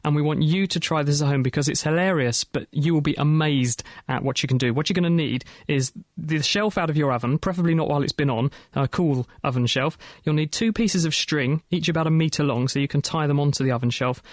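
A man hosting a radio science show, talking in a brisk, chatty, enthusiastic way into a studio microphone. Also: on the high side, no room sound. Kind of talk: casual radio presenting.

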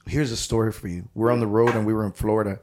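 A man, a touring musician who is a guest on a podcast, telling road stories in casual chat with halting restarts. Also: fairly low pitch, fairly even intonation, noisy background. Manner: halting, repeats words while telling stories.

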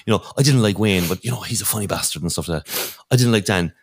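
A man's voice: fairly low pitch, fast talker, husky. An Irish man signing off as a podcast host, rambling and sentimental in casual chat over a remote call.

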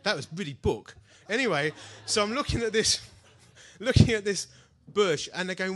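A man preaching a sermon to a hall, telling personal stories in a lively way and acting out the voices of the people in them. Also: high-pitched, moderate pace. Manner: animated storytelling, acts out quoted voices. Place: large hall before an audience.

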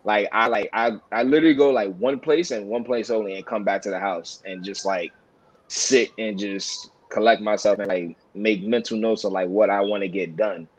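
A man's voice: on the low side, steady tone, moderate pace, husky, no room sound, rough recording. A man, chatting casually as a podcast co-host, rambling with lots of fillers and restarts. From New York. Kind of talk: casual chat.

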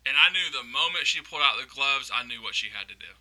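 A man with a strikingly bright, edgy voice chats casually as a podcast co-host. He chuckles often and throws in teasing asides. His pitch is average for a man. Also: animated, fast, low-quality recording. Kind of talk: casual storytelling chat.

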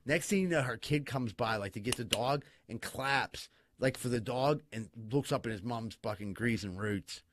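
Man, casual podcast storyteller, profane, excitable, laughing, dry close sound. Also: medium pitch, normal speed, no room sound. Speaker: podcast co-host.

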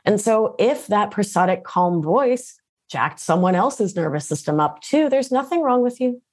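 A middle-aged woman speaking as a guest coach in a casual interview. She is animated and slangy, and often tags her sentences with "right?". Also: mid-range voice, moderate pace.

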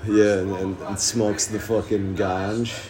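A young man hosting a casual podcast, high and rambling, with lots of swearing and giggling. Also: level tone, takes it slowly, a crowd in the background. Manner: rambling, profane, giggly stoner talk. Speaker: podcast host. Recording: noisy amateur room recording.

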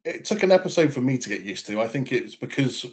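A man from the south coast of England with a southern English accent, chatting casually on a podcast and often pausing with ums and restarts. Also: mid-range voice, big pitch swings, darkish tone. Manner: hesitant, restarts sentences, lots of ums. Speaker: podcast co-host. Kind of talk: casual chat.

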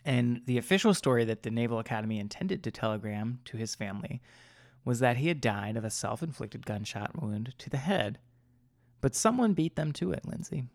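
A podcast co-host from Maryland, a man with a middle-pitched, gravelly voice, tells a story in casual, chatty fashion. He talks animatedly and a little fast, rambling, stumbling over words, and often laughing at his own expense. The recording is close and dry, with no echo.

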